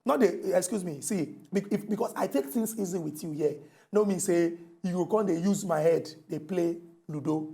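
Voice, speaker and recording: A man's voice: high voice, normal speed, gravelly, dark tone. A man with a Nigerian Pidgin accent hosting a heated TV political debate, combative and theatrical. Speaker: TV talk show host.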